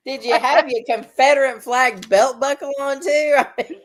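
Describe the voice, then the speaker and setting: A woman's voice: high-pitched, moderate pace, noisy background. A woman with a Southern US accent, hosting a casual podcast chat in a teasing, chuckling manner. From Southern United States. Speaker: host.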